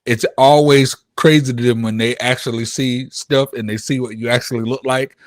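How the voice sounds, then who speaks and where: A laid-back man hosts a casual interview and leans on relaxed filler phrases as he talks. His voice is at a middle pitch for a man. It is recorded dry, with no room sound. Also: moderate pace, no room sound. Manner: laid-back, keeps saying "you know what I'm saying". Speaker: host, radio station owner.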